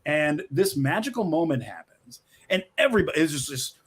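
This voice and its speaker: A man's voice: on the high side, brisk, husky. A middle-aged man, a screenwriter, telling stories in an interview over a video call from his office, restarting sentences and laughing often. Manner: animated storyteller, frequent restarts, laughs often. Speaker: screenwriter, guest. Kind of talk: conversational interview.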